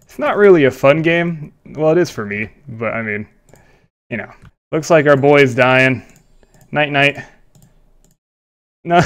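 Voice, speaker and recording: A young man narrates his own gameplay as it happens, excitable and quick to laugh or swear. His voice swings up and down in pitch, jumping high when something surprises him. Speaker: gaming YouTuber. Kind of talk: live gameplay commentary.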